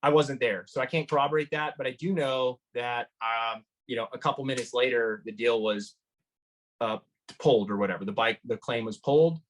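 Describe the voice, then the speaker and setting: A man giving an interview, retelling a tense encounter in an animated way, with lots of fillers and restarts. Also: medium pitch, fairly quick, low-quality recording. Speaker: motorcycle engine builder guest. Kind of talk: storytelling interview.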